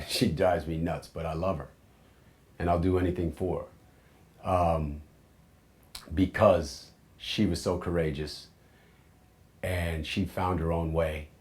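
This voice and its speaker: A man in his forties with a very low, deep voice tells his own life story. He speaks candidly and reflectively, and often sinks into quiet, low asides. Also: fairly even intonation, slow pace, long pauses. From United States. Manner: earnest, candid, drops into soft low asides.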